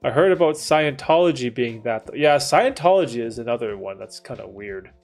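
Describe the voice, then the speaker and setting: A man's voice: mid-range voice, animated, a little fast, vocal fry, darkish tone, faint music behind. A man in his thirties hosting a livestream, reading chat and talking in a casual, laid-back way, with frequent dude and bro and some swearing. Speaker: livestream host answering chat.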